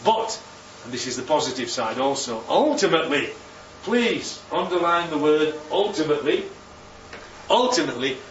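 A man preaches a sermon with a fairly high, animated voice that leaps upward on key words. He asks the room question after question. He sounds roomy and set back from the microphone, a little dull, with faint ambience behind. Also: distant mic, a little hiss or hum. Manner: animated, rhetorical questions, swoops up for emphasis.

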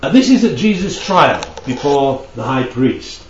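A man's voice: medium pitch, big pitch swings, a little slow, slight background noise. A man preaching a conversational Bible teaching, often checking in with his listeners. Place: church hall. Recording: dull, echoey hall from far off.

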